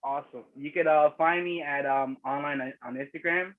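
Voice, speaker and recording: A man's voice: on the high side, fairly even intonation, fairly quick. A man chatting casually and laughing a lot on a video call, rambling with many fillers. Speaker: poet at open mic. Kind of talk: casual chat. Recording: tinny phone-like call audio.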